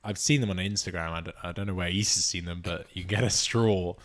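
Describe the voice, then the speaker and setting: A man's voice: low-pitched, fairly even intonation, fast talker. A man from England, host of a casual podcast, chatting with friends and teasing them with frequent laughs. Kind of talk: casual chat.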